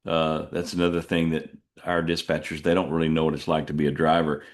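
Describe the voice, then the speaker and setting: A man's voice: level tone, a little fast. A middle-aged man, a truck driver hosting a podcast, telling stories in a rambling, self-deprecating way with many restarts. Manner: puts on jumpy high voices when quoting people. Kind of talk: casual storytelling monologue.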